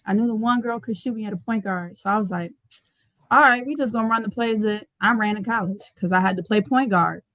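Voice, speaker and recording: A young woman, a basketball coach, telling her story in a casual, colloquial way during an interview, animated and laughing often. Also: mid-range voice, brisk, dry recording. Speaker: guest, head basketball coach.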